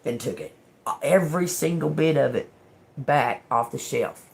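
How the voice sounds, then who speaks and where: A woman's voice: a bass voice, expressive, normal speed, vocal fry, darkish tone. A woman hosting a casual livestream as a tarot reader, rambling emphatically and talking straight to her viewers. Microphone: phone or webcam livestream.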